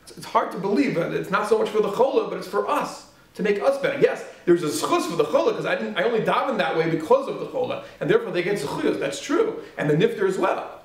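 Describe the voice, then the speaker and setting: Rabbi's sermon, male, higher-pitched and gravelly, animated, rhetorical; echoey room, away from mic. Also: fast talker, hardly any pauses, distant mic. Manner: animated, rhetorical questions, swings from loud to hushed. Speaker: rabbi teaching at a yeshiva.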